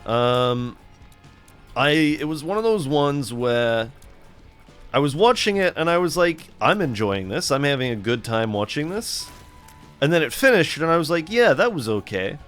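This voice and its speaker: A man's voice: on the high side, sing-song, measured pace, fairly bright tone, clear, resonant tone, soft background music. A middle-aged man hosting a casual let's play, chatting in a rambling, laid-back way while he plays. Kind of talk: casual gameplay commentary.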